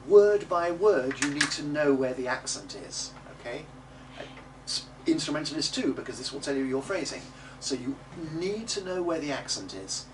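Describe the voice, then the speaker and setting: A male music teacher with a fairly high, very lively voice, coaching a class. He sounds off the microphone, and a clear hum of room ambience runs under his speech. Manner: coaching, models words slowly and loudly for the group to repeat. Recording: distant mic with noisy room ambience.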